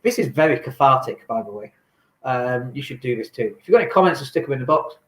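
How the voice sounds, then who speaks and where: A man's voice: mid-range voice, lively intonation, fast talker, fairly bright tone. A man who invests in property, talking casually on a livestream from home, rambling and reading viewer comments aloud. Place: home in lockdown. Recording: echoey room.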